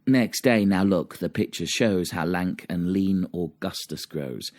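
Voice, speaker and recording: Man reading verse aloud, deep voice, unhurried, dramatic rhythmic delivery. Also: a little mellow, dry recording, clean studio sound. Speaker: reader.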